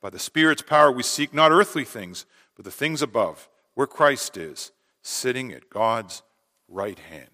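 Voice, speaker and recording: A man preaching a sermon as pastor, earnest, often dropping to a hush on key words. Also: mid-range voice, animated, a little slow. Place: church sanctuary. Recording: long hall reverb.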